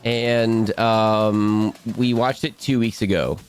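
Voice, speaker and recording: Chatty low-voiced male streamer. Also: fairly even intonation, slow, soft background music. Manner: chatty, playful, rambling. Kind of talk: casual stream chat.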